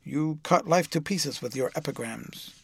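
Brief: man reading as an emotional, self-absorbed young gentleman, slightly high voice, dry close sound. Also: unhurried, vocal fry, husky, no room sound, exaggerated voice. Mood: pleading. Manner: emotional, dramatic delivery. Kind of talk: audiobook reading.

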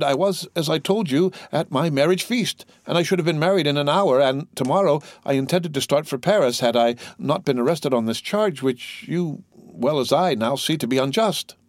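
A man's voice: on the high side, normal speed, few pauses, no echo, studio quality, voice pushed up, natural voice. A man voicing an earnest young sailor held as a prisoner, speaking in an eager, pleading way in a raised voice. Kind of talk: audiobook character voice.

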